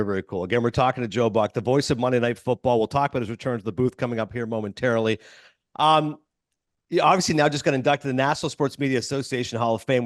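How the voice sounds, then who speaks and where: Brief: male host, quick delivery, mid-range pitch, eager and enthusiastic. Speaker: podcast host. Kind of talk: casual interview.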